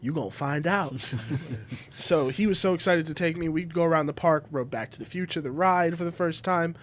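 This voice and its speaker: Man, high pitch, animated, swears casually, podcast chat. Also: moderate pace, slight background noise. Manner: animated storyteller, acts out quotes, swears casually. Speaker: podcast co-host.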